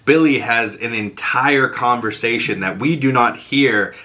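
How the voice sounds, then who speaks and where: Male host, lively recap talker, bright forward tone, acts out the scenes. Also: medium pitch, unhurried. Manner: animated, acts out character lines in voices, laughs often. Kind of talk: casual TV episode recap.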